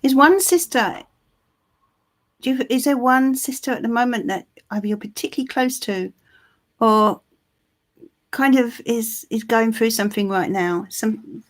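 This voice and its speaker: A woman giving a live psychic reading, soothing and reassuring, with frequent pauses and restarts. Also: a little high. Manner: soothing, reassuring, calls the listener "my love"; halting, with many ums and restarts. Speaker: tarot reader.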